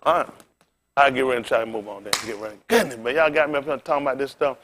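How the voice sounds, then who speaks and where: A man's voice: medium pitch, very fast, a bit bright. A male pastor preaching an informal sermon, folksy and colloquial, telling stories and quizzing the congregation.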